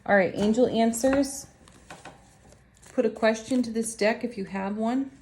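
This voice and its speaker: A woman with a slightly high, slightly slow, faintly mellow voice, with a bit of hiss or hum, reads tarot cards for her viewers. She's casual, chatty, and upbeat, laughing a lot and speaking directly to her audience.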